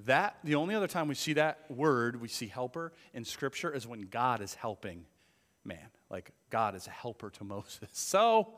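A man preaching a sermon in an earnest, conversational way, his pitch swinging widely. His voice is bright and fairly high for a man. A long reverb fills the church hall. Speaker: pastor.

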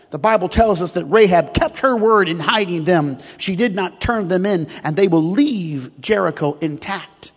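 A man with a strikingly high voice delivers a sermon from the pulpit, calling his congregation to repeat declarations with him. His words ring out with a long church-hall reverb. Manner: preaching with call-and-response, leading the congregation in repeated declarations. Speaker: pastor. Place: church sanctuary.

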